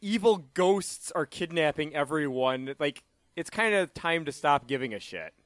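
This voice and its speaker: A man's voice: fairly high pitch, lively intonation, normal speed, no echo. A man co-hosting a casual recap podcast over a remote call, making wry, sardonic asides. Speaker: podcast co-host. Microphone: remote call mic.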